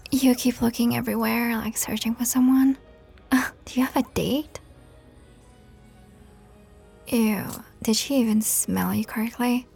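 Slow, gravelly-voiced sarcastic young woman. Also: a little high, a little mellow. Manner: sarcastic, profane and exasperated; often drops to a breathy whisper. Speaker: audio role-play performer. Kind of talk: audio role-play addressing the listener.

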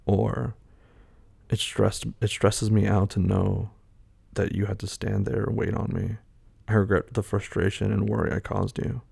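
Gravelly, hesitant man thinking aloud. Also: fairly low pitch, little pitch movement, a little slow, a little mellow, dry recording. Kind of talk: casual talk, taking an online quiz aloud.

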